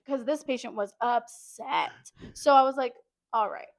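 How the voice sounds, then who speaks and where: A young woman telling a workplace story in casual, animated chat, full of fillers like "like". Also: a little high, moderate pace, creaky, no echo. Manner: animated, chatty, lots of "like". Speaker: podcast co-host.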